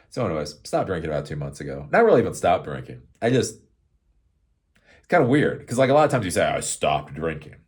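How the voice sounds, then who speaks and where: A man with a low voice talks through a loose, rambling monologue for his own show. His pitch swings widely, and he breaks into laughter often. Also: darkish tone. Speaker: show host.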